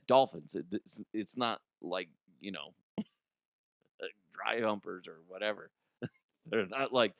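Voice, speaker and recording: A man's voice: on the low side, gravelly, fairly bright tone, dry recording, clean studio sound. A man hosting a comedic news podcast, rambling with crude jokes and giggles. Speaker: podcast host.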